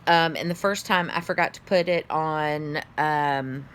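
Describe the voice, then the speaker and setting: A woman's voice: deep voice, unhurried, fairly bright tone, a little hiss or hum. A tired middle-aged woman, chatting casually to her phone camera in a rambling way, yawning and swearing now and then. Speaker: vlogger.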